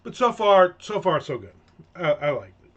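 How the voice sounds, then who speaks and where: High-pitched and sing-song, a middle-aged man's fairly bright voice moves at a moderate pace as he hosts his own rant segment. He rambles in a casual, sarcastic manner with plenty of fillers and restarts, and the sound is dull and lo-fi.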